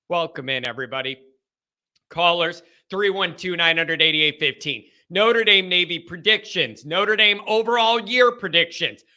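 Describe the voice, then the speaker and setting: A man's voice: sits high, unhurried, bright, forceful tone. A man hosting a casual call-in sports talk stream, talkative and repeating himself. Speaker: call-in show host.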